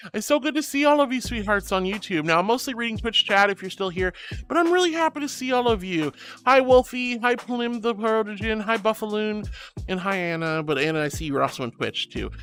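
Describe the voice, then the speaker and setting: Bubbly high-voiced male streamer. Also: fairly bright tone, clean tone. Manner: affectionate, bubbly, calls viewers sweetie and honey. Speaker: VTuber streamer. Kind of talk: live stream chat reading.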